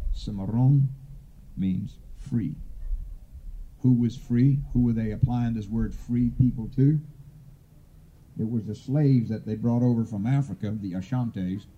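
A man from Florida giving an informal oral history talk, unhurried and rambling, with frequent hesitations. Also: fairly low pitch, warm tone. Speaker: tribal speaker. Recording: dull lo-fi recording.

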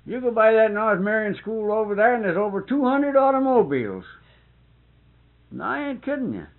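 A man in casual conversation, telling stories in a folksy rural dialect with cusses and lively retelling. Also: sits high, normal speed. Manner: folksy dialect, swears and laughs, animated retelling. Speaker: storyteller. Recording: muffled phone-like old tape.

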